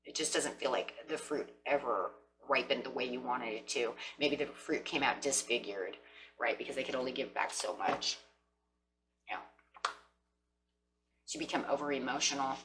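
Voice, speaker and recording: Low-voiced woman giving a tarot reading. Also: moderate pace, noisy background. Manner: speaks directly to viewers, acts out imagined quotes. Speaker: tarot reader.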